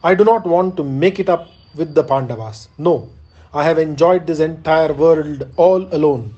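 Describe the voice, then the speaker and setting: A man's voice: on the high side, normal speed, warm tone, highs cut off, natural voice. A man reading the part of a proud warrior king who resolutely refuses peace, in an audiobook of an epic. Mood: defiant. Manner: resolute, defiant.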